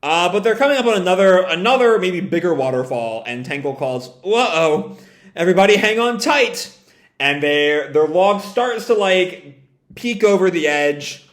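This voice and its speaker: A man's voice: sits high, moderate pace. A man casually reading a comic aloud and commenting on it, rambling and correcting himself as he goes. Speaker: comic reaction host. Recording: echoey room.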